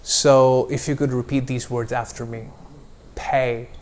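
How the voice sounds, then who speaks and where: A man coaching pronunciation, modeling vowel sounds slowly and deliberately for a learner to repeat. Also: medium pitch, level tone, darkish tone, a little hiss or hum. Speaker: accent coach. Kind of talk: pronunciation lesson.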